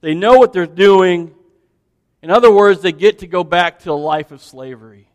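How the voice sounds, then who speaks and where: A man preaching a sermon in a relaxed, conversational way, talking directly to his congregation with frequent restarts and asides. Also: high-pitched, normal speed, in a large hall. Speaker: pastor. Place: church.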